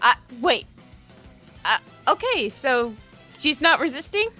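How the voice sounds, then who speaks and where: A woman's voice: high voice, big pitch swings, bright, forceful tone, faint music behind. A woman playing a tabletop game, asking questions of the game master. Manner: questioning, unhurried. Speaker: player. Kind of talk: casual tabletop play.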